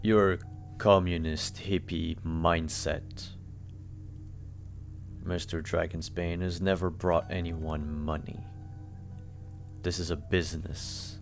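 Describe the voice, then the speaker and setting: A man's voice: deep voice, little pitch movement, slow, creaky, pauses often, faint music behind, full character voice. A man playing a smug, cold corporate boss. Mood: scornful. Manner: cold, condescending. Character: smug male corporate executive, dismissive.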